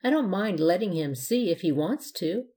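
A woman's voice: on the low side, expressive, normal speed, natural voice. A woman voicing a cheerful, polite young witch in a storybook reading. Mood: prim. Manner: bright, prim, eager.

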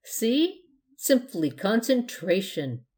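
A woman's voice: a little high, very animated, slow pace, pitched above the performer's own voice. A woman voicing a cheerful, polite young witch in a storybook reading. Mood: prim. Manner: bright, prim, eager.

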